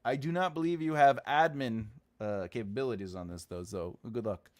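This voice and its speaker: A man's voice: medium pitch, moderate pace. A man hosting a writing channel livestream, casually chatting and teasing viewers in a playful, giggly way.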